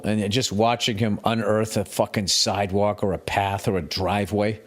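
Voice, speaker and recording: A man's voice: fairly low pitch, fairly even intonation, a little fast, hardly any pauses. A middle-aged man hosting his podcast alone, ranting in a profane, self-mocking, comedic way. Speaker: podcast host. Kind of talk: solo comedic podcast rant.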